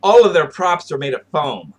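A man's voice: fairly high pitch, big pitch swings, normal speed. A man co-hosting a podcast, chatting casually, joking and trailing off with fillers and mock quotes. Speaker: podcast co-host. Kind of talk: casual chat.

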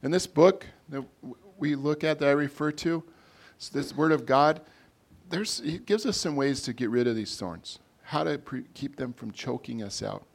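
A man, a pastor, preaching a sermon in a conversational way, his loudness rising and falling as he makes his points. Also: mid-range voice, normal speed, gravelly.

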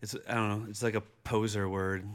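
A man's voice: fairly low pitch, level tone, fairly quick. A young man co-hosting a casual podcast on a studio mic, blunt and hesitant, with many ums. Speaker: podcast co-host.

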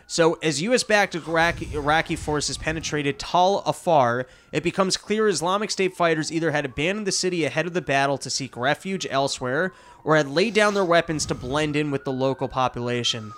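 A man's voice: fairly high pitch, brisk, hardly any pauses, fairly bright tone. A man co-hosting a casual talk show, rambling and profane, full of filler and restarts. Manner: rambling, profane, slips into jokey put-on voices. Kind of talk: casual chat.

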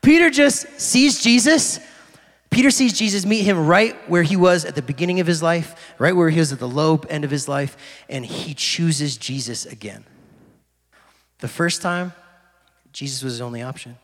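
A man's voice: on the high side, normal speed. A young adult man giving a casual, conversational youth sermon as a pastor. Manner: casual, conversational preaching with fillers. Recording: loud piano music underneath. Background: soft piano music.

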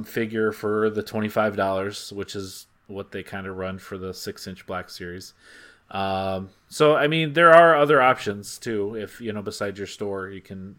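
A man's voice: on the low side, a bit bright. A man co-hosting a casual podcast chat, rambling with lots of ums and playful teasing. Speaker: podcast co-host.

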